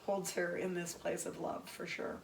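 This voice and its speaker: Soft-spoken woman host in echoey room. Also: fairly low pitch, flat delivery, normal speed, vocal fry. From Canada. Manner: gentle, reflective, soft-spoken. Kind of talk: interview conversation. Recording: echoey room from far off, faint noise.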